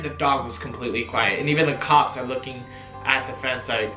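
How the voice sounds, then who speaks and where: A young man telling a story-time vlog in a chatty, animated way, full of fillers and swearing. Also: mid-range voice, moderate pace. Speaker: vlogger. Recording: roomy echo, faint music.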